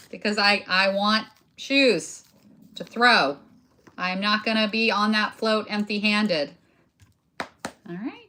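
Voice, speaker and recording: Chatty crafting lady, bright voice a bit high, talks to viewers while she works, faint hiss behind. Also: normal speed. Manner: chatty, self-deprecating, talks while working with hands. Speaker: crafting video host. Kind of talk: casual crafting chat to viewers.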